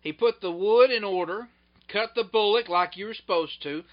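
A male preacher giving a sermon, retelling scripture in an animated way that swings between loud bursts and hushed asides. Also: sits high, normal speed. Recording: dull lo-fi recording.

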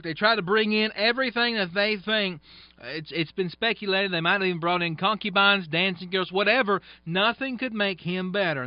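A man's voice: high-pitched, no room sound. A man preaching a sermon, reading scripture aloud and explaining it in plain, folksy asides. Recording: dull, dry, lo-fi sound.

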